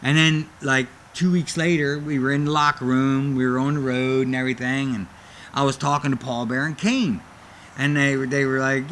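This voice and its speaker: Male storyteller, animated, mimics quoted voices; bright tone, faint noise. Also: fairly quick. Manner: animated, acts out quoted voices with big pitch jumps. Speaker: wrestler telling career stories. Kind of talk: casual interview storytelling.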